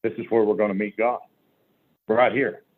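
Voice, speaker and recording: A man tells recovery stories in a blunt, salty, down-home way, acting out the voices of people he quotes. His voice sits low. It comes through a tinny, phone-like video-call line. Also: steady tone, normal speed. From Oklahoma. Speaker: recovery workshop speaker. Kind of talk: folksy storytelling recovery talk.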